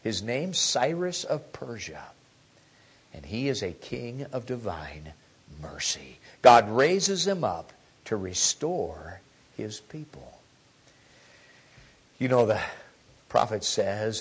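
A middle-aged man preaching a sermon, telling humorous stories and swinging from hushed near-whispers to loud exclamations. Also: on the low side, very animated, takes it slowly, long pauses, breathy edge. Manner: humorous storytelling. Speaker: pastor.

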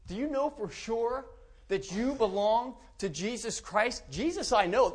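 A man preaching a sermon to a congregation. He talks emphatically and repeats and restarts his words, rising at times to loud preaching. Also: very high voice, lively intonation, unhurried. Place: church.

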